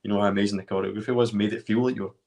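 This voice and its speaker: A man's voice: on the low side, fairly even intonation, very fast, gravelly, darkish tone. A man hosting a casual live chat, talking enthusiastically and rambling a little. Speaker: host. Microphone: video call.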